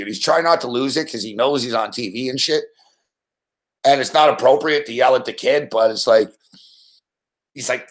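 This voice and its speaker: A man hosting a live late-night sports betting show, telling stories in a profane, animated way with mock shouted outbursts. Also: medium pitch, moderate pace.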